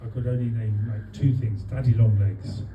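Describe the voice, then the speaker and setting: A man from London giving a humorous birthday speech for his wife to friends at a restaurant, with dry comic timing and many pauses. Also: lowish voice, dull audio, noisy background. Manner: deadpan comic timing, halting with fillers. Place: restaurant dining room with guests. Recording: echoey room, voice from far off. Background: guests laughing.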